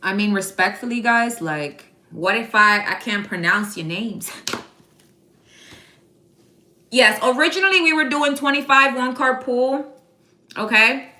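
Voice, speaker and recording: Woman, tarot reader, slangy casual chat, bright voice, echoey room. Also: on the high side, measured pace, long pauses. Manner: chatty and slangy, addresses viewers by name. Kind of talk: casual live tarot reading.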